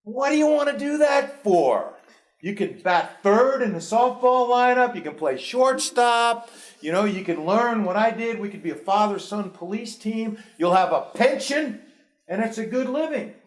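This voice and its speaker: A man putting on his father, a blunt, competitive middle-aged New York cop, pressing his son with rapid-fire reasons. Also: sits high, animated, echoey room, voice pushed up. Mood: insistent. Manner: pushy, rapid-fire persuading.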